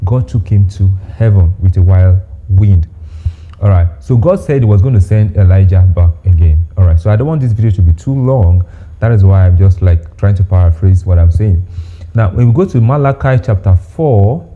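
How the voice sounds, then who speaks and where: A man's voice: deep voice, a little fast, narrow, tinny audio. A man who is a church leader, speaking direct to camera in a repetitive way and often saying "all right". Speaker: church leader sharing a dream. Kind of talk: direct-to-camera religious talk. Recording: echoey room with faint background noise.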